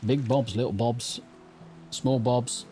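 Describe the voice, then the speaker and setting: A man's voice: mid-range voice, steady tone, takes it slowly, mellow, faint music behind. An English man streaming live gameplay, chatting casually in a rambling, sweary way into a desk mic through a mixer.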